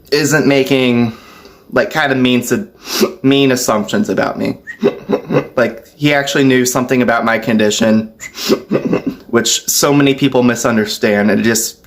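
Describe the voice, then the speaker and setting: A man vlogging a casual storytime, chatty and loose, laughing softly between phrases. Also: mid-range voice. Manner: loose, filler-heavy talk.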